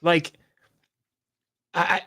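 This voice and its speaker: A man's voice: very slow, pushed and bright. Exasperated man venting in a heated discussion. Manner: frustrated, exasperated, emphatic with sighs. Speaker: podcast co-host.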